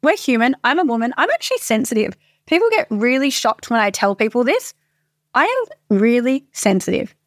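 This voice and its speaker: A woman's voice: on the high side, sing-song, moderate pace, no echo, studio quality. A woman in her thirties, a coach, talking casually and candidly with frequent swearing, in a motivational monologue. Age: 30s.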